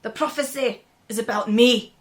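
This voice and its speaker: A self-important king booms his claim in a shaky Scottish accent, as a woman puts him on. He speaks louder than the woman's usual talk, with grand, commanding pronouncements. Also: moderate pace, natural voice. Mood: pompous. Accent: attempted Scottish. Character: pompous male king claiming a prophecy.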